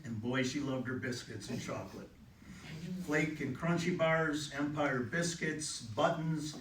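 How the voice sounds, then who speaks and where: A middle-aged man giving a eulogy for his mother, telling stories with gentle humor. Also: a little high, measured pace, a little hiss or hum. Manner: heartfelt, gently humorous storytelling. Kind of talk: memorial eulogy. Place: funeral home chapel. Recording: echoey room, distant mic, faint ambience.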